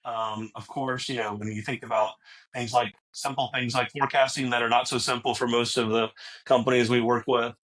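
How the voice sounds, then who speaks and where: A man's voice: medium pitch, a little fast. A man as a guest on a business interview, talking casually and loosely. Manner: relaxed, many fillers and restarts. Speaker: guest, technology executive.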